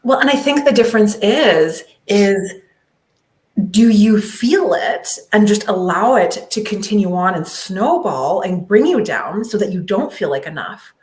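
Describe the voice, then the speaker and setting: Woman, mid pitch, reflective, encouraging, roomy echo. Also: expressive, a little slow, darkish tone. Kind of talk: casual chat.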